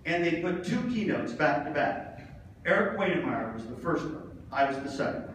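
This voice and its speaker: A man's voice: on the high side, moderate pace. A man giving a motivational conference keynote, telling stories with humor and acting out the dialogue. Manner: animated, humorous, acts out dialogue. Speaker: keynote speaker. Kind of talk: motivational conference speech with storytelling. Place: large conference hall. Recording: echoey hall, voice from far off, faint noise.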